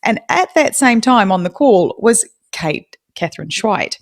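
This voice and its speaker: A young woman with a New Zealand accent, a podcast guest telling her story in a lively, self-deprecating way with frequent laughter. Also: mid-range voice, a little slow, vocal fry. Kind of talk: live audio chat.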